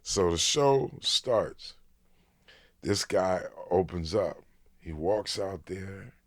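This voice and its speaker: A man from Los Angeles, a comedian guest telling a story in a podcast interview, swearing freely and swinging between hushed and excited. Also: sits low, extremely slow, no room sound, studio quality. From Los Angeles, USA.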